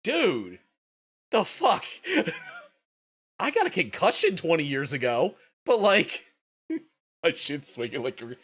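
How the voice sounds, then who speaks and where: A man's voice: a little high, huge pitch swings, slow, pauses often, a bit bright, husky. A man hosting a casual livestream, sleepy and tired, swearing often and laughing a lot. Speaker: livestream host.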